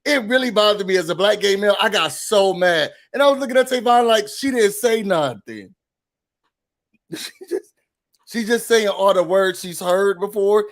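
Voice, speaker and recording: Sassy, high-voiced man ranting. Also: normal speed. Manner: expressive, sassy, mimics quotes in a high voice. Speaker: recap show host. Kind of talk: animated recap and rant.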